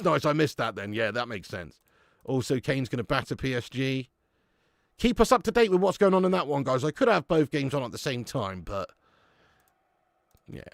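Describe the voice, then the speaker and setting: Chatty laughing man, lively pitch. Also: creaky, no room sound, clean studio sound. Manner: chatty and laughing, swears freely, calls viewers mate. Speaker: football watch-along host. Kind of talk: live casual chat reading viewer comments.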